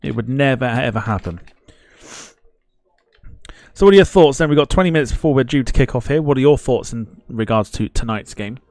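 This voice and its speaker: A man's voice: medium pitch, animated, a little fast, a little mellow, no echo, clean studio sound. A man hosting a live football watchalong stream, chatting casually, greeting viewers in the chat and laughing at himself as he rambles.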